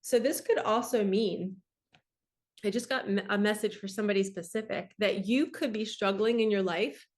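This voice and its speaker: A woman's voice: mid-range voice, normal speed. A young adult woman giving a casual tarot reading, talking passionately and rambling with lots of "like". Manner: passionate, rambling, says "like" often. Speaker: tarot reader and spiritual coach.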